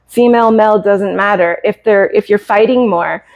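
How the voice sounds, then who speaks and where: A woman in her fifties from the United States, a cat breeder on a live stream, telling a hard personal story in a halting, earnest, emotional way. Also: medium pitch, dull audio. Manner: halting and earnest, with many hesitations. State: emotional, close to tears.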